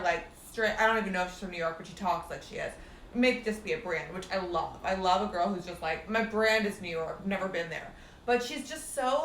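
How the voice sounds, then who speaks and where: A woman's voice: mid-range voice, a little hiss or hum. A woman life coach giving a casual spiritual pep talk, chatty and profane, full of "like" and calling her listeners "cuties". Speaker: life coach and meditation guide. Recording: roomy echo.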